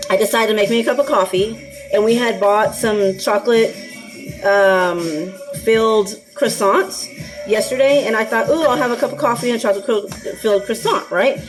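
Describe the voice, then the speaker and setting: The recording is rough, carrying a woman's mid-range voice. She's an anxiety vlogger rambling chattily as she cooks for her dogs, with frequent fillers and laughter.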